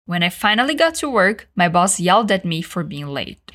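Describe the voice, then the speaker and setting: A woman teaching English, giving slow, clearly spoken repeat-after-me drills and switching into Portuguese to explain. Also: fairly low pitch, big pitch swings, fairly bright tone. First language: Brazilian Portuguese. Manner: slow, carefully enunciated model sentences.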